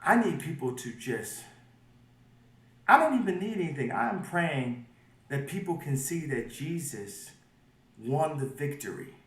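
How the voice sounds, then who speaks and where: A man being interviewed, talking emphatically and swinging between quiet and loud. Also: on the high side, lively intonation, a little slow, pauses often. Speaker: interview guest. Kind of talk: animated interview talk. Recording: roomy audio from far off.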